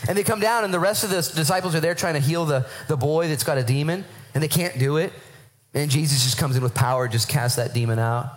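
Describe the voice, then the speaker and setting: A man's voice: a little high, fast talker. A man preaching a sermon to his church, acting out voices of Bible figures as he goes. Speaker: pastor.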